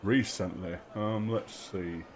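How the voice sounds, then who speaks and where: A man's voice: on the low side, fairly even intonation, slow pace, noisy background, voice pushed down. A man doing a grumpy weary prison guard. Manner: gruff, impatient.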